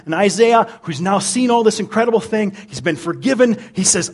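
A man's voice: sits high, lively intonation, a little fast, breathy edge. A middle-aged man, a pastor, preaching a conversational sermon and often repeating words as he searches for them.

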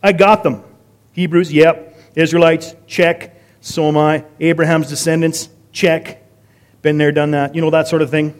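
Lively preacher, man with a higher voice. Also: normal speed. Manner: lively, asks rhetorical questions, conversational asides. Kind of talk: conversational sermon.

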